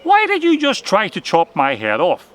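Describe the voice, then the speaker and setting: Storybook rabbit, panicky and shrill, voiced by a male reader; bright, sharp tone. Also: wildly swooping pitch, moderate pace, heavily acted. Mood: bewildered. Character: frightened, excitable male rabbit.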